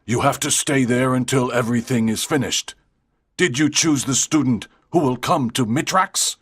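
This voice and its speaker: Woman doing a husky alien leader with a strange voice. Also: rumbling low, moderate pace, dry recording, clean studio sound, voice pushed down. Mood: commanding. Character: commanding male alien leader on a screen. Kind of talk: storybook reading for English learners.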